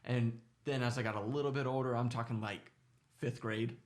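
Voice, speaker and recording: A man's voice: medium pitch, fairly even intonation, normal speed. A man co-hosting a podcast, speaking thoughtfully and hesitantly in a casual chat about his childhood. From grew up in the suburbs. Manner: thoughtful, hesitant, with many restarts. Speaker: podcast co-host.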